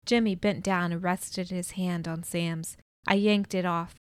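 A woman narrating an audiobook in a measured, expressive way, on a close studio mic. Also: on the low side, clear, resonant tone, no room sound.

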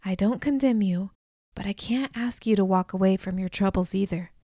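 A woman voicing a calm, loving male divine figure who speaks softly, with gentle authority. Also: moderate pace, dry recording, studio quality, close to an everyday voice. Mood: gentle, authoritative. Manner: soft, low and hushed.

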